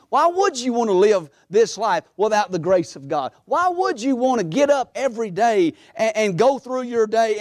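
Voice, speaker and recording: A man's voice: sits high, no echo, studio quality. A man preaching a sermon as pastor in a church, building emphasis through repetition.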